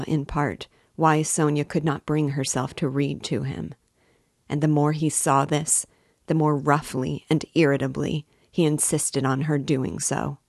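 A woman reading a classic novel aloud to her listeners, slow and measured. Her voice is low, the pace unhurried, and the sound dry and close. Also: no echo. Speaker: book club host reading aloud.

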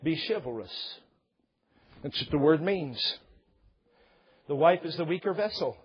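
Husky-voiced pastor joking through a sermon. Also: male voice, a little high, moderate pace, dull audio. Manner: joking, acts out couples' voices. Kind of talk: humorous sermon.

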